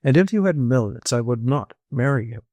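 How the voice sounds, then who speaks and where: A man reading an audiobook, voicing a self-possessed young woman who speaks coolly and firmly, lifting his voice higher when she insists. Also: animated, fairly quick, mellow, dry recording, close to an everyday voice. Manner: cool and firm, rises when insistent. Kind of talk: audiobook character voice.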